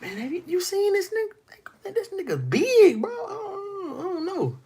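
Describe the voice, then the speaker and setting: A man voicing frightened Israelite soldiers in a high, cracking, whiny voice. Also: big pitch swings, slow, gravelly, a little mellow, breathy edge, heavily acted. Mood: panicked. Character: panicked Israelite soldiers, grown men, terrified.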